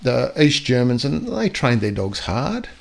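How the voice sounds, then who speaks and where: Animated older man telling stories. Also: medium pitch, creaky. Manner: animated, acts out dogs and people in quick voices. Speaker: podcast guest storyteller and dog trainer. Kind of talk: casual chat.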